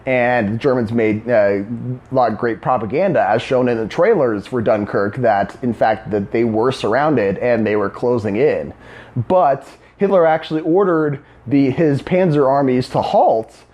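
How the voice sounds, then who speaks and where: Guy doing a history explainer vid, stops and restarts a lot, lots of uhs, mid-pitched voice. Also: a little mellow. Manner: halting, frequent restarts and filler words. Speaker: history video host.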